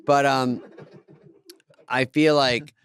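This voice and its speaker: A man co-hosting a casual comedy podcast, giving wry, animated commentary. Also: medium pitch, drawn-out words, clean tone, no echo. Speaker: podcast co-host.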